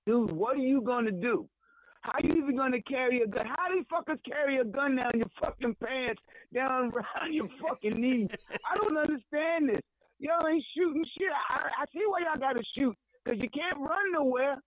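A man with a very high voice calls into a radio show and rants loudly, stammering and cursing. The sound is dry and close, with faint music behind. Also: normal speed, no echo. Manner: loud, stammering, cursing rant. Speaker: radio show co-host calling in. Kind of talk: profane comic rant. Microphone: phone call. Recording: phone line with music behind.

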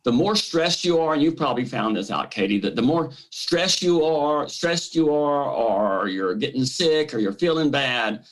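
Man, gravelly, animated therapist-guest explaining step by step. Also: a little high, moderate pace, hardly any pauses, low-quality recording. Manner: animated, acts out the brain's voice in quotes. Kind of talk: explanatory interview talk.

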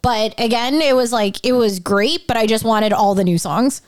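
A woman's voice: fairly high pitch, moderate pace. Laid-back woman co-hosting a podcast. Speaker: podcast co-host. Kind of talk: casual chat.

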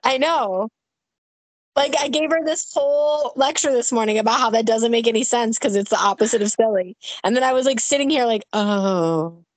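Woman, middle-aged, podcast co-host, high voice, casual chat full of fillers, dry close sound. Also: fairly quick, dry recording. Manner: chatty, frequent "like" fillers, swears freely.

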